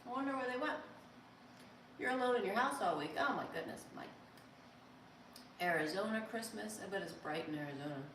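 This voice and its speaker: A woman's voice: medium pitch, animated, fairly quick, pauses often, background noise. A woman hosting a casual live stream, chatting playfully and reacting to viewer comments as she reads them. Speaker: live streamer reading chat. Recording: echoey room, distant mic, faint ambience.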